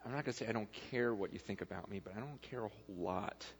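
A man preaching a sermon as pastor, moving between loud animated appeals and quiet, intimate talk. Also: fairly low pitch, quick pace. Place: church hall. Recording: dull hall recording with mains hum.

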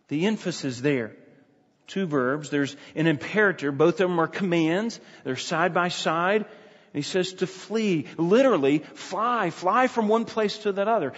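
A man's voice: high-pitched, measured pace, fairly bright tone. A man preaching an expository sermon, emphatic, repeating key phrases and often restarting sentences. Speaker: pastor. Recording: dull sound with long hall reverb.

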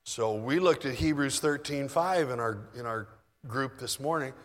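A man preaching a sermon in a relaxed, conversational way, moving between soft asides and loud bursts. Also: medium pitch, moderate pace, big-room sound. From United States. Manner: conversational, shifts from soft asides to mock shouting.

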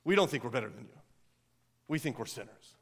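A man preaching a sermon as pastor, impassioned and earnest, building to near-yelling and then softening. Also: mid-range voice, expressive, brisk, gravelly, breathy edge.

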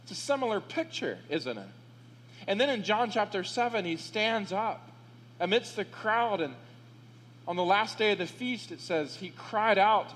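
A pastor preaching a sermon, reading scripture slowly and emphatically and building to fervent appeals to his congregation. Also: high-pitched, lively intonation, fairly bright tone, long reverb tail, slight background noise. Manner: slow, emphatic scripture reading with rising fervor.

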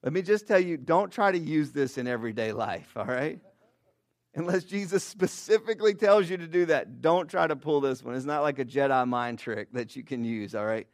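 A man's voice: fairly high pitch, fairly quick, darkish tone, no echo, studio quality. A man, a pastor, giving a sermon in a conversational way with frequent "all right?" and "okay?" asides, and praying earnestly. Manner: earnest prayer.

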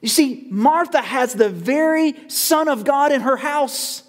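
A male pastor preaching a sermon, measured with dramatic pauses, building to urgent calls. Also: very high-pitched, expressive. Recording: long reverb of a church hall.

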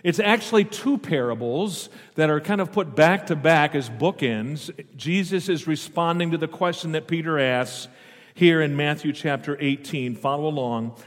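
Man preaching, fairly high voice, reads scripture and explains it, long hall reverb. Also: moderate pace. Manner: reads scripture aloud and stops often to explain it; asks the congregation questions. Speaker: pastor. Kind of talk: sermon.

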